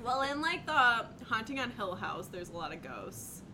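A woman co-hosting a casual podcast, animated and quick to laugh as she chats with friends. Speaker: podcast co-host. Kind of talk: casual chat. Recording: noisy background rumble.

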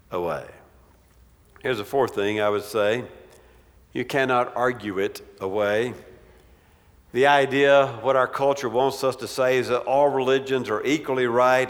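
A man preaching a sermon as pastor, emphatic, with dramatic pauses and a voice that drops low at the ends of phrases. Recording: long reverb in a large hall.

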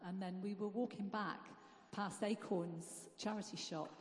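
A woman's voice: medium pitch, darkish tone. A woman giving a casual church testimony, telling the story chattily and quoting others along the way. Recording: echoey hall, live church mic.

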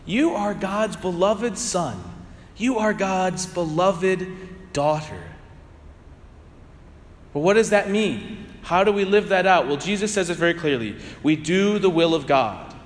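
A man preaching a homily, rising to emphatic peaks and sinking to soft, drawn-out phrase endings. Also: sits high, lively intonation, big-room sound. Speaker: priest.

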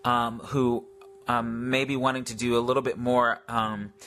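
A man's voice: medium pitch, flat delivery, moderate pace, a bit bright. A man telling a faith story in a casual, rambling way, full of fillers and restarts. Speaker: Christian speaker.

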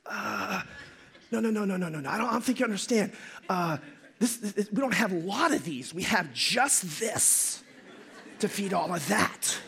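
A man acting out a nervous, apologetic male disciple in a sermon skit, hesitant and stammering, flattering his leader. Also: high voice, moderate pace, creaky, slightly rough, pitched below the performer's own voice, heavily acted. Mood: sheepish.

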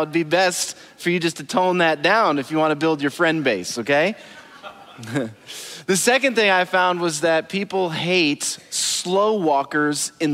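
Casting: male pastor, slightly high voice, playful and joking with the crowd, church hall with long reverb. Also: a bit bright. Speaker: lead pastor. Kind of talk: humorous sermon to a congregation. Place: church auditorium.

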